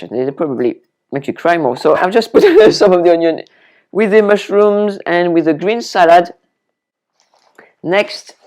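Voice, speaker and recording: In a casual home-kitchen cooking video, a French-accented woman cuts vegetables and talks enthusiastically to the viewer. She has a deep, somewhat mellow voice.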